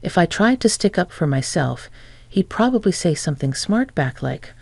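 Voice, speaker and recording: Guy reading out a story, gravelly and husky, dry close sound. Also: high-pitched, big pitch swings, normal speed, no room sound. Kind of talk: scripted first-person narration.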